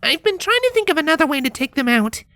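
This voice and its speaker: Twilight, a man voicing a high, sharp young mare. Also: sing-song, fast, no echo, studio quality, full character voice. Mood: defensive. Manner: matter-of-fact, snippy comebacks. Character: clever young female unicorn mage, brisk and sharp-tongued. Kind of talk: audiobook fanfiction reading.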